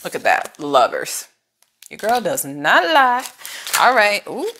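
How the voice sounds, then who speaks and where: A woman's voice: mid-range voice, wildly swooping pitch, slow pace, pushed and bright, a little hiss or hum. A woman giving a casual tarot reading to camera, chatty and emotional, using slang and speaking straight to the viewer. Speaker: tarot reader.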